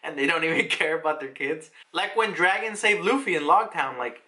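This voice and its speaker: A young man talks through a comic chapter in a loose, profane reaction style. His pitch swings widely, and his tone sits fairly high and bright. He keeps breaking into excited little impressions of the characters. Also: brisk. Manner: animated, profane, jumps into excited mock voices of the characters. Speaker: manga reaction host. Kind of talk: casual reaction commentary.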